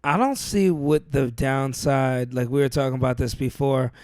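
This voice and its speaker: A man's voice: mid-range voice, moderate pace, darkish tone, no room sound, studio quality. A man co-hosting a podcast, telling a rambling, slangy story with laughs. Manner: rambling anecdotal, laughs often, slangy "dude". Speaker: podcast co-host. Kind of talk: casual storytelling chat.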